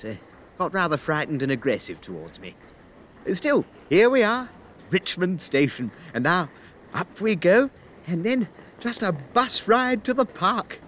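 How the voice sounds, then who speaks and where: Bumbling, chatty man, lively voice. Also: sits high, a little hiss or hum. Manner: bumbling, chatty, addresses listeners as my friends. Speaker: comic narrator in character. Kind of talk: comic audio sketch narration.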